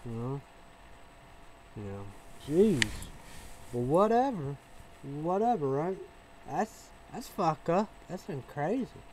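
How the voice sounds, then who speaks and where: A man in a casual vlog monologue, rambling and repeating himself, with many fillers and restarts, swinging between low mumbling and loud outbursts. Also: very animated, slow, long pauses, slight background noise, rough recording. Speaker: vlogger.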